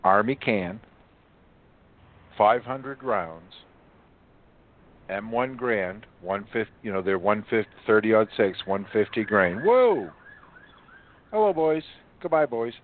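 A man in a casual radio chat, talking slowly and listing details one by one. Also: lowish voice, steady tone, slight background noise. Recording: tinny phone-line sound.

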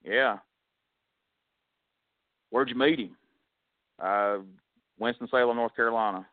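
A man with a medium-pitched voice speaks at a slow pace, co-hosting a wrestling podcast and telling a story in casual chat, slipping into quoted voices for the other people involved. The audio is dry and thin, like a phone line, with no room echo.

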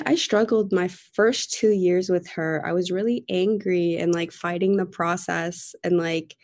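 A young woman, a guest on a group video call, talking in a rambling, heartfelt way with many fillers. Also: fairly low pitch. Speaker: podcast guest. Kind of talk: casual sharing in a group call.

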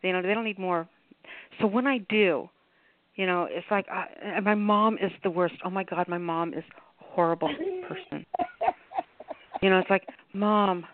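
A woman's voice: fairly low pitch, moderate pace, a little hiss or hum. A woman hosting a call-in poetry radio show, affectionate and rambling, with lots of restarts. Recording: tinny phone line.

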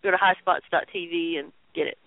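A woman co-hosting a wrestling talk show, telling stories in an animated, chatty way with laughs and fillers. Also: on the low side, a little fast, no echo. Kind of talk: casual chat. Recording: tinny phone-line sound.

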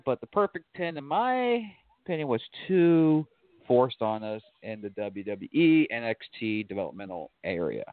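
A man's voice: medium pitch, no echo. A man co-hosting a casual wrestling talk podcast, opinionated and blunt. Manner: opinionated, swears casually, laughs along. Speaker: podcast co-host. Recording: tinny phone-like line, dry.

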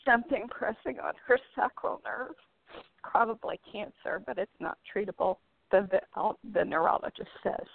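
Earnest woman caller with a gravelly voice. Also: mid-range voice, moderate pace, no room sound. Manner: earnest, detailed, emotional. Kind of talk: phone call to a radio show. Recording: dry tinny phone line.

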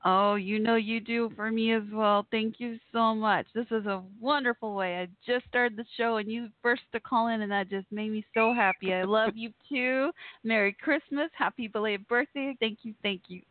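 A woman's voice: on the high side, steady tone, moderate pace, no echo. A woman hosting a live call-in show from home, gushing and laughing often. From Texas. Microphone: home setup. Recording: tinny phone-like line.

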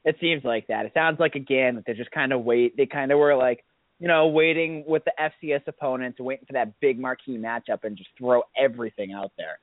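A man co-hosting a sports talk show in a relaxed, rambling way with lots of fillers. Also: medium pitch, a little fast, no echo. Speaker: co-host. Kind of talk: casual sports radio talk. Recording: dry, tinny phone-like line.

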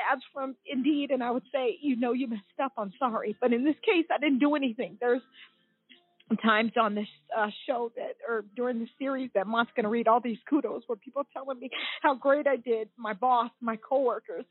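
A woman in her forties tells her own story as a guest on a talk show, her voice husky and slightly high. She speaks with raw emotion, at moments near tears. The sound is a dry, tinny phone line. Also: no room sound. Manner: emotional, tearful at times. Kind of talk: personal account on a talk show.

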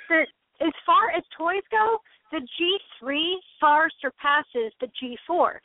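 A woman's voice: sits high, no echo. A woman co-hosting a casual chat show, opinionated and laughing often. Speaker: podcast co-host. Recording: tinny phone-line call, dry.

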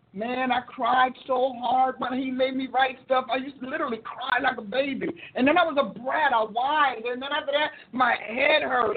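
Husky woman preaching over tinny audio. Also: on the high side. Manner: expressive, acts out prayers and quotes, laughs often. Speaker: preacher and show host. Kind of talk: sermon-style teaching.

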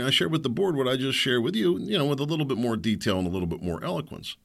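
Heated, animated man ranting. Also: mid-range voice, fast talker, creaky. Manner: heated, indignant, mocks others in put-on voices. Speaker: show host. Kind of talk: ranting monologue.

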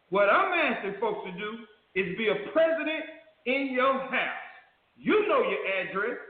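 A man hosting a talk show, building his argument in a preacherly way with rhetorical questions. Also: very high voice. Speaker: host. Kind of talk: talk radio commentary. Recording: echoey tinny phone-line audio.

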